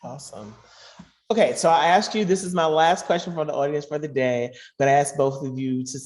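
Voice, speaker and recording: A man's voice: a little high, brisk, darkish tone, long reverb tail. Friendly man moderating questions.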